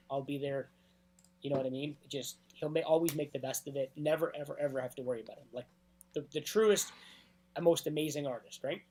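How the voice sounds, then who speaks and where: A man as a DJ guest in a casual interview, telling anecdotes at length and often clearing his throat. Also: on the high side, darkish tone.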